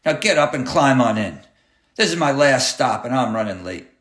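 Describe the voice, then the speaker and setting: The man's medium-pitched voice is animated and fairly bright, moving at a moderate pace, raised slightly above his own yet still close to an everyday voice. He plays a cruel clown bus driver who barks sneering, bossy threats, menacing throughout, in an echoey room.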